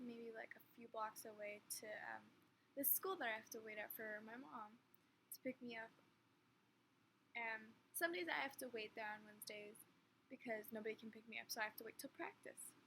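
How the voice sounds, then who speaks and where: A young woman in her late teens telling a story in a rambling, animated way, full of filler words. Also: fairly high pitch, poor audio. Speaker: vlogger. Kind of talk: casual storytime chat. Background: faint fan hum.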